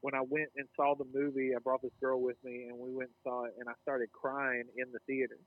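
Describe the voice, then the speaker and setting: A man's voice: medium pitch, fairly quick, narrow, tinny audio. A man co-hosting a casual podcast chat, swearing freely and getting worked up as he talks. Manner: excitable, profane, gets worked up. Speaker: podcast co-host.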